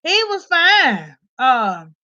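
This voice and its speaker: A woman telling a story in casual commentary, loud and animated, swearing and laughing. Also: high voice, very slow. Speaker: vlogger reviewing a documentary. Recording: slightly dull lo-fi audio.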